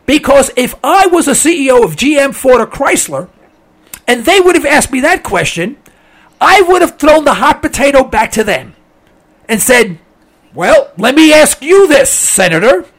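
On his call-in radio program, a man addresses listeners as folks while offering forceful, opinionated takes, his voice breaking as he clears his throat. He sounds very high-pitched, very animated and a bit bright, talking at an ordinary pace.

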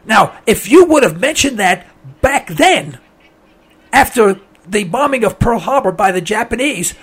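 A man hosts a call-in radio show, speaking in a high, expressive, slightly bright voice at a little slow pace. He offers emphatic, opinionated commentary, calls his listeners folks, and clears his throat as his voice gives out.

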